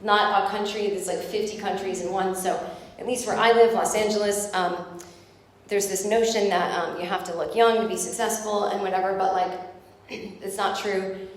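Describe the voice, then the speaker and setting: A woman's voice: mid-range voice, fairly even intonation, normal speed, slight background noise. A woman in her forties from the United States doing a rambling, self-deprecating stand-up set on a club stage. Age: 40s. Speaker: stand-up comedian. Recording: very echoey live club recording. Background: audience laughter.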